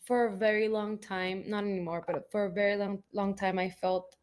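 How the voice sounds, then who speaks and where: A woman's voice: little pitch movement, normal speed, darkish tone. A woman co-hosting a podcast in casual chat, candid and reflective, with frequent "like" fillers. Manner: candid, many "like" fillers, mid-range pitch. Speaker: podcast co-host.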